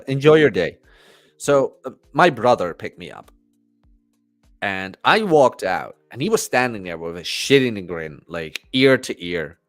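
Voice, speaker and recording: A man's voice: fairly low pitch, no echo. A young man hosting a podcast, casually telling a story and acting out the people in it. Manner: animated storyteller acting out quoted voices. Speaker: podcast host.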